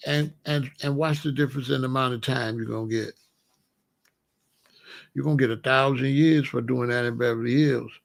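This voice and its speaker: Gravelly man in slangy casual commentary. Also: mid-range voice. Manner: animated, slangy, acts out quoted voices.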